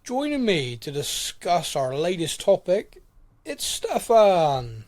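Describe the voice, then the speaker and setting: A man's voice: sits high, sing-song, takes it slowly, a little mellow. Chatty middle-aged male podcast host. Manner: chatty, rambling, laughs easily. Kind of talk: casual chat.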